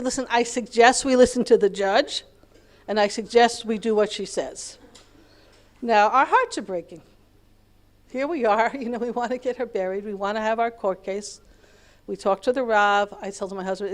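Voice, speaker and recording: A woman's voice: medium pitch, normal speed. A middle-aged American woman teaching a Torah class, telling a long family story with lots of repetition and Hebrew terms. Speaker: lecturer.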